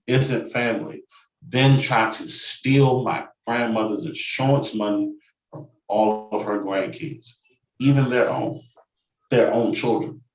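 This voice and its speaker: A man's voice: on the low side, darkish tone, recorded from a distance. A man co-hosting a podcast, telling a personal story in an intense, emphatic way that repeats words for emphasis. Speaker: podcast co-host. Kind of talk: casual chat, personal story. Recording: roomy, off-mic, lo-fi sound.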